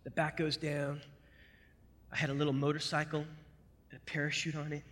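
A man from the United States, a military veteran, telling his story to a live audience in an animated way, dropping to hushed asides and then punching out loud bursts. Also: fairly high pitch, normal speed. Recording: echoey hall with long reverb.

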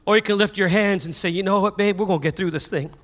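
High-voiced animated preacher in a hall. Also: male voice, fast talker, slight background noise. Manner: animated storytelling preacher, shouts at peaks. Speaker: pastor. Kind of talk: sermon. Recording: long hall reverb.

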